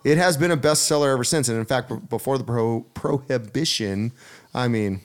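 A man's voice: medium pitch, fairly quick. A man co-hosting a casual drinking podcast, reading out facts with lots of hesitations. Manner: tells facts with many uh fillers. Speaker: podcast co-host. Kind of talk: casual chat.

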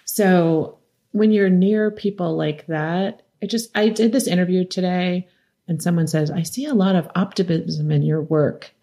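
Low-pitched middle-aged woman, doc director, chatting in an interview, animated storyteller who acts out what people said. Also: a little slow. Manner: animated storytelling, laughs often, acts out quotes. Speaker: documentary director, interview guest. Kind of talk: conversational interview.

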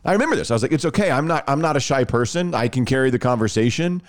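Animated man telling a story. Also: medium pitch, rapid-fire. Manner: animated, acts out quoted dialogue. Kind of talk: casual storytelling chat.

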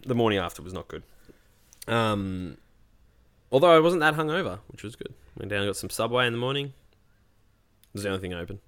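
Male podcast co-host, lowish voice, loose self-deprecating anecdotes. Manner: rambling, self-mocking storytelling. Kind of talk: casual chat.

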